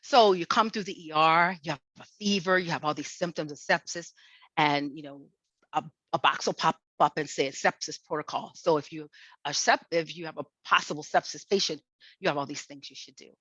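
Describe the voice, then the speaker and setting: Lively storytelling woman lecturer. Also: sits low, brisk, no room sound, poor audio. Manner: lively storytelling, acts out quoted exchanges. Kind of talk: seminar lecture with anecdotes.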